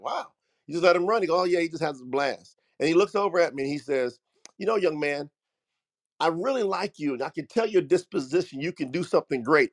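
Man, middle-aged, high voice, emphatic motivational storytelling, preacher-like. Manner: emphatic, preacher-like, addresses audience as family. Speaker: host.

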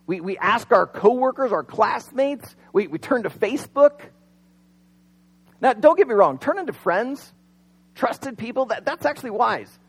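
Animated pastor with a high, lively voice. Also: male voice, slightly rough, low-quality recording. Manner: conversational, humorous asides, dramatic pauses. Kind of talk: sermon.

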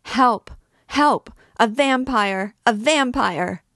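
A woman's voice: low voice, fairly even intonation, unhurried, a little mellow, no room sound, clean studio sound. A woman voicing a furious young woman fighting off an attacker in a storybook reading, her voice trembling with wrath. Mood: shrieking.

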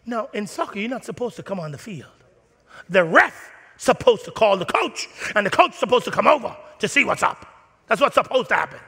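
A man preaching a sermon in a church, animated and playful, acting out little scenes. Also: sits high, brisk, husky. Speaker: pastor. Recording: long reverb of a church hall.

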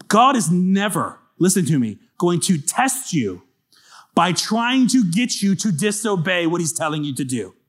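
A man's voice: high-pitched, big pitch swings, measured pace. A man preaching a conversational sermon, emphatic and speaking directly to his congregation. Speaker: pastor.

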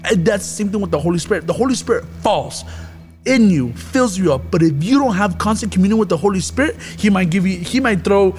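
A man's voice: high voice, animated, fast, a little mellow, soft background music. A man hosting a casual Christian podcast, talking earnestly about the Holy Spirit with rambling restarts.

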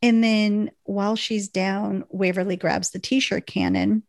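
Podcast co-host, female, gravelly edge, dry close sound, chatty episode recapper. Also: medium pitch, measured pace, no echo. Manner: animated storytelling, laughs often, many fillers. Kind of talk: casual chat.

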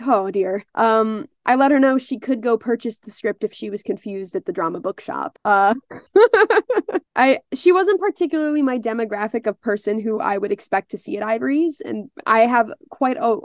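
A young woman with a fairly high, gravelly voice tells chatty anecdotes in a casual interview. She talks in loose, animated runs, often restarting her sentences and leaning on fillers. The sound is dry and close, with no room around it. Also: no echo. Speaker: playwright and performer.

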